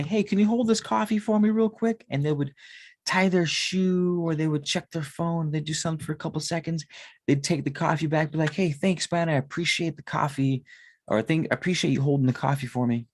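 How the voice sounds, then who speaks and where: Brisk and on the high side, this man's voice is captured with no echo. He's a tarot reader and spiritual consultant in his thirties, cursing frequently in a loose, wandering monologue.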